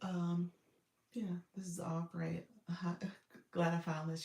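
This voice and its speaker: A woman's voice: on the low side, little pitch movement, slow, vocal fry, warm tone, reverberant, recorded from a distance. A woman coaching viewers on a casual livestream, chatty and speaking straight to them as she reads out their comments. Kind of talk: casual live-stream coaching.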